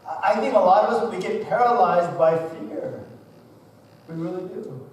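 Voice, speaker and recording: A higher-voiced man in his thirties preaches a sermon. He tells stories casually and acts out the quotes. He is caught from far off in a very echoey hall. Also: normal speed, slight background noise. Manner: conversational storytelling with acted-out quotes. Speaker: pastor. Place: church hall. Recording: distant mic in a very echoey hall.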